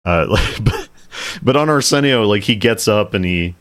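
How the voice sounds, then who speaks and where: Brief: very low-pitched male podcast co-host, loose rambling delivery, laughs often. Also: animated, moderate pace, fairly bright tone. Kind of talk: casual chat.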